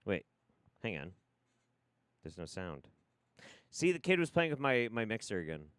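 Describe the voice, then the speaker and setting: A man's voice: on the low side, big pitch swings, measured pace, a bit bright, clear, resonant tone, no echo. Exasperated, swearing male live streamer. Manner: profane, exasperated rambling. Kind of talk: casual live stream chat.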